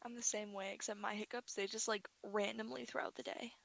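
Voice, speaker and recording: A woman's voice: mid-range voice, fairly even intonation, fairly quick, creaky, a bit bright, no room sound. A woman hosting a radio show, sympathetic and chatty. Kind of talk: casual radio chat.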